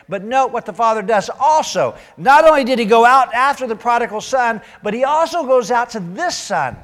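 A man's voice: sits high, fairly bright tone. Joking, conversational male pastor preaching. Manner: conversational, joking asides to the congregation. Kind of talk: sermon.

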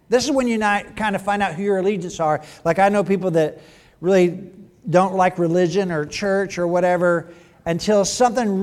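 A man's voice: sits high, a little mellow. A male pastor preaching a sermon in a conversational way, with joking asides to the congregation. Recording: long hall reverb.

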